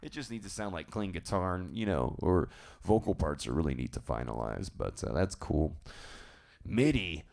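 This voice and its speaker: A man hosting a live stream, chatting casually and telling rambling, animated stories. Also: low-pitched, moderate pace, creaky. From southern United States. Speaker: live-stream show host.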